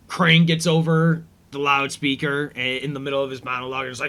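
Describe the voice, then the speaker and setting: A man's voice: mid-range voice, steady tone, moderate pace, few pauses, bright, forceful tone, clear, resonant tone. A man hosting a casual episode commentary, rambling easygoing with lots of fillers. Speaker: podcast host.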